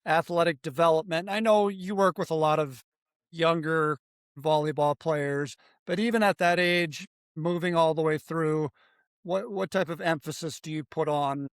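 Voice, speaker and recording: Slightly high-voiced male host, dry sound. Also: normal speed, clean tone, no echo. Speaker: podcast host. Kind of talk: interview questions.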